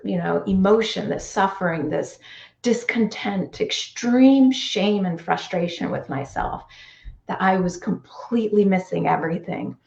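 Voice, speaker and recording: A woman's voice: mid-range voice, creaky, darkish tone. Earnest woman telling her own story, sounds a bit echoey and muffled. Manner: earnest, reflective, acts out quoted voices. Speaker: podcast guest. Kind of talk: personal storytelling in conversation.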